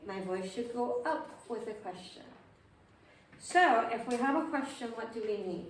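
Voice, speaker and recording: A woman's voice: a little high, expressive, moderate pace. A woman teaching a group piano class, patiently asking her students questions and repeating their answers. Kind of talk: group music lesson. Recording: roomy, distant, faint noise.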